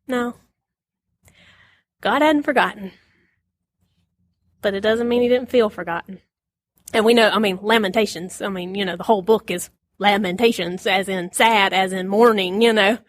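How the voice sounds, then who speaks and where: A woman giving a casual Bible lesson, chatty and quick to laugh, acting out the lines she quotes. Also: medium pitch, dry recording. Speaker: Bible teacher.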